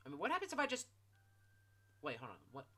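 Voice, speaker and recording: A young man giving gameplay commentary. He talks in an animated, joking and profane way, with sudden shouts. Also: a little high, fast, soft background music. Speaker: gaming YouTuber.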